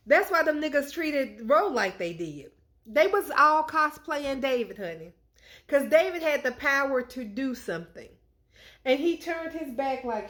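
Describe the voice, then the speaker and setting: A woman's voice: high voice, a bit bright. A woman giving a comedic, sassy and profane rant that retells Bible stories with indignation. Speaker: content creator.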